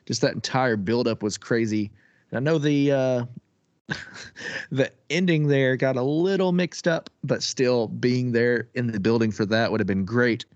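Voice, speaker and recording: Male co-host, excitable and loose, laughs easily, dry close mic. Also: mid-range voice, a little slow, no room sound, lo-fi sound. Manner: excitable, laughs often, swears casually. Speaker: podcast co-host. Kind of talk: casual chat.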